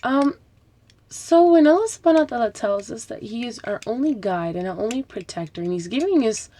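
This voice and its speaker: A woman's voice: mid-range voice, mellow. A woman hosting a live broadcast, talking about faith in a chatty, conversational way, with asides and rhetorical questions. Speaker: host of an Islamic talk broadcast. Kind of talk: casual religious talk. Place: home, packing up with rustling noise.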